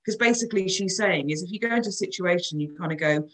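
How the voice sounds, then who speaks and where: Low-voiced woman in her forties; candid, chatty coach. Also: fast talker, poor audio. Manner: chatty, frank, lively storytelling. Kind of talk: casual podcast chat.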